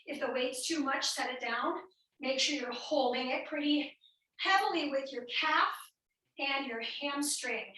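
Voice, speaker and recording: Woman fitness instructor, high and sharp, a bit winded, echoey room, mic across the room. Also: unhurried, distant mic. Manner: upbeat counting cues, coaching while exercising. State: a little out of breath. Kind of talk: workout class instruction.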